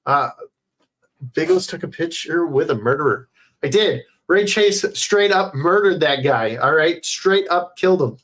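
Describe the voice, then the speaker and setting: Slow-talking casual male streamer. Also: a little high, animated, a bit bright. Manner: rambling, swears often, many fillers. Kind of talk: casual livestream chat. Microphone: headset.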